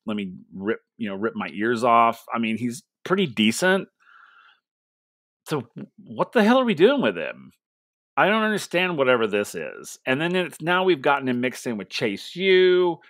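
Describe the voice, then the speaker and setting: A man's voice: mid-range voice, no room sound. Male podcast co-host, mid-range voice, exasperated rambling rant, dry close mic. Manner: frustrated, rambling, animated with restarts and mock quotes. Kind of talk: casual wrestling podcast rant.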